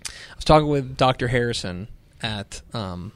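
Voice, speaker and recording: A man co-hosting a casual sports podcast, telling stories with lively energy and acting out what others said. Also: medium pitch, normal speed, slight background noise. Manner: animated storyteller, acts out quoted voices. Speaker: podcast co-host.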